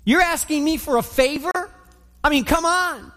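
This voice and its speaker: A man's voice: sits high, animated, moderate pace, husky, pitched below the performer's own voice, heavily acted. A man voicing a sarcastic, guarded woman at a well, firing off mocking, skeptical questions. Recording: long hall reverb.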